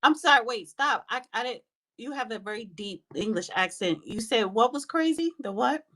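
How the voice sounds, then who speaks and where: A woman hosts a live audio room, calling on speakers and talking about politics in a blunt, scolding way with lots of swearing. Her voice is on the high side and fairly bright, with lively intonation at a normal speed. It's casual, heated political talk.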